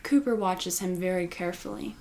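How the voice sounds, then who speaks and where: A woman's voice: fairly low pitch, brisk, a little mellow. Chatty woman recapping a TV show. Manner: chatty, full of "like" and "you know". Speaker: recap host. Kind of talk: casual TV recap commentary.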